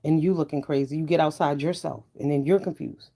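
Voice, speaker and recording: A woman ranting to her viewers in a blunt, profane, heated way, swinging from low mutters to loud outbursts. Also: steady tone, a little fast. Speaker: online commentator. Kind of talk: ranting commentary vlog.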